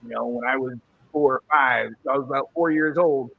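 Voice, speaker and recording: A man in his forties from North Carolina, co-hosting a podcast, telling animated sports stories in a casual chat with frequent repeated words. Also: mid-range voice, fairly quick, gravelly, narrow, tinny audio. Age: 40s. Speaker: podcast co-host.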